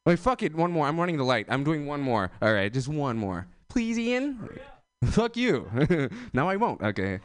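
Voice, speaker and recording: A man's voice: mid-range voice, lively intonation, a little fast, hardly any pauses. A young man doing an open-mic stand-up set, rambling with lots of fillers and chuckling at his own jokes. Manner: loose, rambling delivery with many fillers and self-laughs. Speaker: stand-up comedian.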